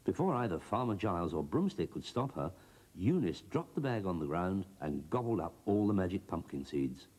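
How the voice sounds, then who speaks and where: A man giving a scripted children's storybook narration, expressive and bouncing between character voices. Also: low voice, moderate pace, breathy edge.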